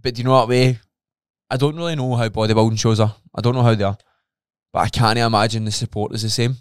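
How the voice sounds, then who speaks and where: A man co-hosting a podcast, telling a story in an animated way, swearing a lot and acting out his own reactions. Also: medium pitch, quick pace, clean tone, dry recording, studio quality. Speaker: podcast co-host. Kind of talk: casual chat.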